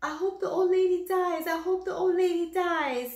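A woman voicing a rude pet parrot that chants in a high, squawky voice. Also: steady tone, moderate pace, a little mellow, roomy sound. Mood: spiteful.

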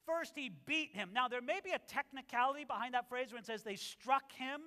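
A male pastor preaching an expository sermon in an animated, conversational way. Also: extremely high pitch, brisk, long reverb tail. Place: church sanctuary.

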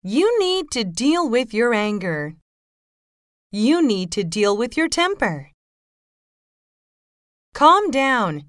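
Woman reading mom lines slow, lots of lilt, dry mic. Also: a little high, very animated, dry recording. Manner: slow, lilting, carefully enunciated. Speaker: narrator voicing a mother's lines. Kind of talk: slow scripted phrase reading.

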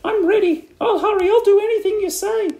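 A man reading a storybook aloud, voicing a nasty old woman with high, shrill, panicky cries. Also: a little fast, gravelly, mellow, echoey room. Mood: terrified.

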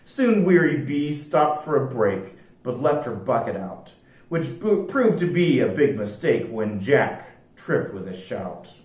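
A man reading picture books aloud as library storyteller, with a slow, lively rhyming delivery. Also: mid-range voice. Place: library room. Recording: echoey room, distant mic.

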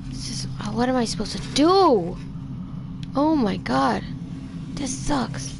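A woman's voice: sits high, animated, takes it slowly, gravelly, noisy background. A young woman streaming a game, talking in exasperated, swearing bursts of frustration. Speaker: gaming streamer. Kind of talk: live let's play commentary.

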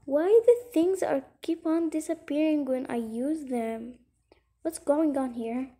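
A woman giving giggly, excitable casual gameplay commentary, often muttering softly to herself as she searches. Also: sits high, measured pace, poor audio. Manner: excitable, gushing. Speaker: gaming channel host.

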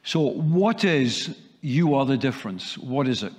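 A man's voice: mid-range voice, lively intonation, measured pace. A middle-aged man with a slight Scottish accent gives a chatty conference talk and tells his story with occasional restarts. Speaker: keynote speaker. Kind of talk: conference presentation. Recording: long hall reverb.

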